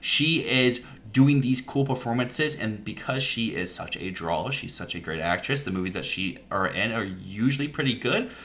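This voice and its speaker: A man's voice: fairly low pitch, animated, moderate pace, few pauses, fairly bright tone, slight background noise. A man, a podcast guest, talking enthusiastically about films in a casual discussion and laughing often.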